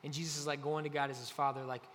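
A man preaching a relaxed, conversational sermon, often filling pauses with "like". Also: on the high side. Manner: conversational, heavy use of "like". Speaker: pastor. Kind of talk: casual sermon. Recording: faint hall reverb, light noise.

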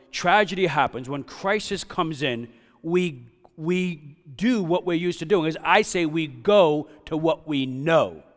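A male pastor preaching a sermon, dropping to hushed tones and then rising to loud, impassioned emphasis. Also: on the high side. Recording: hall reverb.

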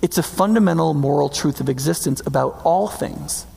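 A man preaching a sermon in a conversational, emphatic way, slowing down to stress key words. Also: a little high, vocal fry, dark tone. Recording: long reverb hall.

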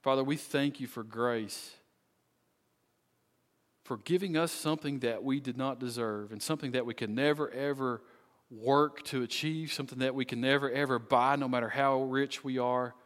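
A man preaching as pastor, closing his sermon with an earnest appeal and a slow, pleading prayer. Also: mid-range voice, steady tone, a bit bright, in a large hall. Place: church sanctuary.

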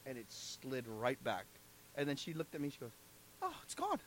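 A man's voice: medium pitch, moderate pace, a little hiss or hum. A man preaching a sermon as pastor, emphatic, often asking the congregation "right?" and "amen?".

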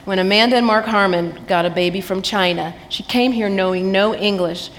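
A woman's voice: mid-range voice, fairly even intonation, moderate pace, few pauses. A woman with a Southern American accent, sharing a heartfelt personal testimony at a church women's event, quoting scripture and laughing easily. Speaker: guest sharing her testimony. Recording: reverberant hall, faint background noise.

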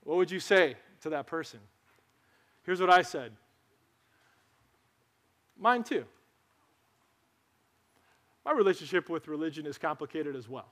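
A man's voice: on the high side, fairly quick, fairly bright tone. A man giving a conversational sermon as pastor, telling stories and asking his congregation questions. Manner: conversational, storytelling, asks the crowd questions. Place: church sanctuary.

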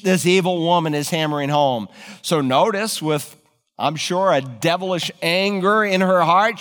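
Man preaching, dramatic storyteller, high voice, long hall reverb. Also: a little slow, a bit bright. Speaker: pastor. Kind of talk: sermon.

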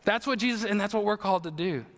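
A male pastor preaching an earnest, emotional sermon with slow, emphatic phrases. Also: sits high, fairly bright tone, in a large hall.

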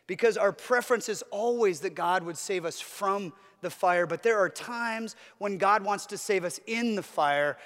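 High-voiced preaching man in a reverberant hall. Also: a bit bright. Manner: earnest, repetitive preaching cadence. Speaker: pastor. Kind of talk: sermon.

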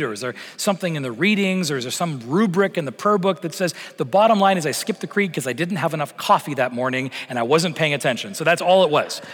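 A male pastor preaching with lively, conversational energy and flashes of humor. His voice sits high for a man and rings out with the long reverb of a church sanctuary. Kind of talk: sermon.

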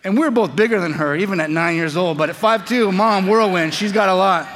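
A pastor in his forties delivers his sermon with a high, bright voice. He tells stories with animation, then drops to quiet reflection. The sound rings with the long reverb of a large hall. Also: a little fast, few pauses. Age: 40s.

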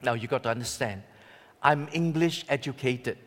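A man preaching a sermon, telling a personal story with dramatic swings between loud and hushed delivery. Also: medium pitch, normal speed. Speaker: pastor. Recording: long hall reverb.

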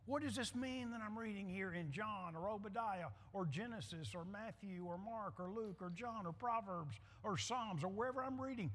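At a moderate pace, a middle-aged preacher with a high, fairly bright voice repeats lines emphatically and leads call-and-response with his congregation. Hall reverb and slight background noise color the recording.

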